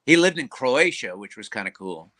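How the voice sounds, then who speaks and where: A man tells stories on a sports talk stream, slipping into quick impressions of the people he describes. His voice is bright and carrying, and he speaks at an ordinary middle pitch. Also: low-quality recording. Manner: storytelling with lively mimicry of others. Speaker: co-host of a sports call-in show. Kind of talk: casual chat.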